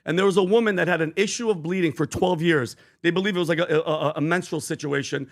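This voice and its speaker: A man, co-hosting a podcast, pitching merch and earnestly retelling a Bible story. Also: fast. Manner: earnest, animated storytelling with acted quotes. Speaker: podcast co-host.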